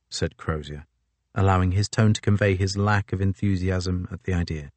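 A male narrator reading a novel aloud in a measured, even way. His voice sits very low. The recording is close and completely dry, with no room sound. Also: no room sound. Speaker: audiobook narrator. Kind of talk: scripted narration.

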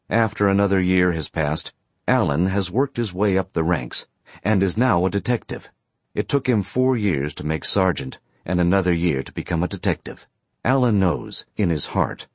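A man narrating a story in a steady, plain storytelling manner. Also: sits low, no echo. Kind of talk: audiobook narration.

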